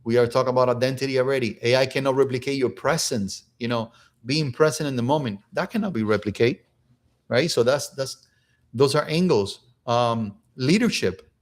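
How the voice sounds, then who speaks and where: A man's voice: mid-range voice, moderate pace. A man hosting a casual motivational talk, speaking conversationally, repeating phrases and dropping in "right?" and "you know". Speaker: host.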